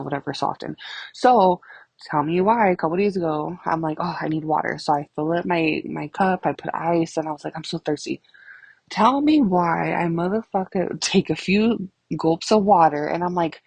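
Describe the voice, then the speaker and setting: A woman's voice: deep voice, vocal fry, slightly rough, no echo. A woman in her thirties hosting her own podcast, telling stories casually, swearing a lot and laughing often. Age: 30s. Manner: profane, laughing, animated storyteller. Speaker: podcast host. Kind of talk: casual storytelling monologue.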